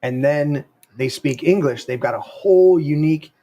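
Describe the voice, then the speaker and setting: A man's voice: fairly high pitch, normal speed, warm tone. A man hosting a podcast in loose, rambling chat, often restarting his sentences. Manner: rambling, restarts often, puts on quoted voices. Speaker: podcast host.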